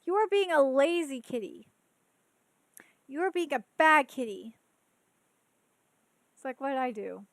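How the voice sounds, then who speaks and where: A very high-voiced woman in her thirties rants about what annoys her, swearing freely and stopping to scold her cat. She sounds a little tipsy, and her voice is close and dry with no room echo. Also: sing-song, measured pace, pauses often. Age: 30s. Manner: profane, exasperated, talks to her cat. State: tipsy from drinking. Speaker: podcast host. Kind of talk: casual ranting commentary.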